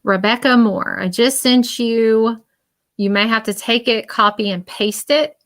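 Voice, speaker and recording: A woman's voice: a little high, unhurried, a bit bright. A woman working as a psychic medium on a livestream. She rambles through her reading with many "um"s and "you know"s and speaks to her viewers directly and reassuringly. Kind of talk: live-streamed psychic reading.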